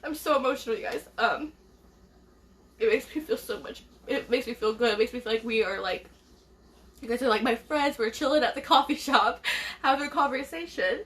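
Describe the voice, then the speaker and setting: A woman's voice: on the high side, moderate pace, a bit bright. Young woman, beauty vlogger, casual chat to followers, emotional, rambling, laughs often.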